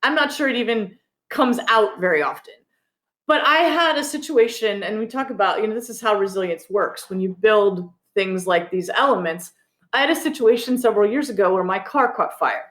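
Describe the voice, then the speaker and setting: A woman, a guest author, telling a personal story in a relaxed interview and laughing now and then. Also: medium pitch, moderate pace, roomy sound. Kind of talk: conversational storytelling.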